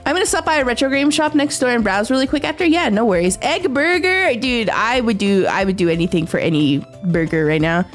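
A young woman streaming a game, chatting casually and excitably with her viewers, often giggling. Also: medium pitch, fast talker, few pauses. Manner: excitable, giggly, talks to chat. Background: faint background music.

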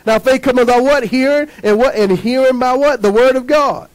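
A man preaching a sermon as pastor, emphatic and lively, asking the congregation to answer back. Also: very high voice, brisk, poor audio.

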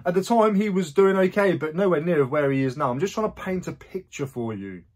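A man's voice: fairly high pitch, animated, brisk, darkish tone. A man, chatting casually in a rambling vlog about his resale sales and his past. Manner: chatty, rambling, self-correcting asides. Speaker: online reseller.

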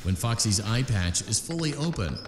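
A man voicing a recorded game instructor who gives calm task instructions and announcements. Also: on the low side, normal speed, roomy sound, background noise. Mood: instructing. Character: calm male game instructor voice giving tasks.

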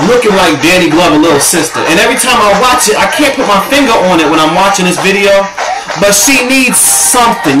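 A man vlogging a casual reaction-video rant from home, sassy, profane and animated, talking to his own camera. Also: high voice. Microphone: camera set up in front of him. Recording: echoey room.

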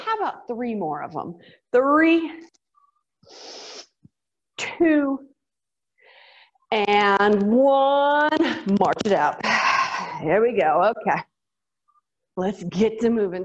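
A Southern, middle-aged fitness instructor talks her class through a workout in a fairly high voice, captured on a muffled recording. Her manner is bubbly and playful, full of little sound effects and laughs.

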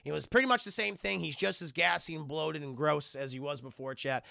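Give me a male streamer recapping a TV episode in a loose, profane, rambling way, with a tense, bright edge. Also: fairly high pitch, brisk, gravelly, dry recording, clean studio sound. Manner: rambling and profane, talks to chat, many restarts. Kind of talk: casual live-stream commentary.

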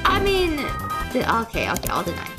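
A woman's voice: on the high side, huge pitch swings, fairly quick, over loud music. A woman streamer reacting live and reading chat messages aloud, playful and teasing, with sudden shrieks and mock outrage.

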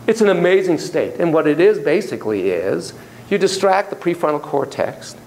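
Telling relaxed, self-mocking stories full of asides, this psychotherapy lecturer addresses a university class and performs the voices of people he quotes with animation. His voice is fairly high with vocal fry, at normal speed, and the poor recording carries slight background noise.

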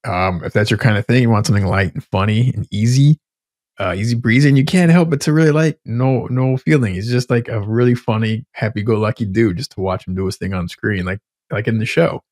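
Podcast co-host, man in his thirties, rambling casual delivery with an easygoing swear-heavy manner, a lowish voice recorded dry. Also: fairly quick, a little mellow, dry recording. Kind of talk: casual chat.

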